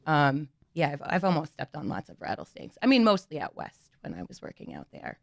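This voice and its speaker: A middle-aged woman archaeologist, a podcast guest, speaking in a low-key, matter-of-fact way with frequent pauses. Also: wildly swooping pitch, creaky, no echo, clean studio sound. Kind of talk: casual interview talk.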